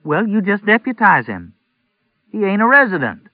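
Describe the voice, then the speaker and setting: A man's voice: high-pitched, very animated, normal speed, no echo, pitched above the performer's own voice. A man reading the part of a small, firm and caring wife who fusses over her sick husband. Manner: firm, motherly scolding. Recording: tinny narrow-band audio.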